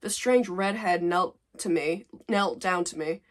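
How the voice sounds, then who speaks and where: A woman's voice: lowish voice, a little slow. A woman in her twenties reading her old fanfic aloud, with sarcastic, self-mocking commentary. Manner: sarcastic, exasperated, laughing at herself. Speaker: vlogger.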